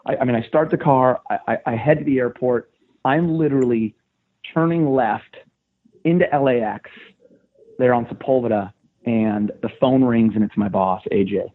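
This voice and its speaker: Husky man excitedly telling a story over a phone line. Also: moderate pace. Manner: excited, animated retelling with rising pitch. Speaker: sports radio host. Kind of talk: casual podcast storytelling.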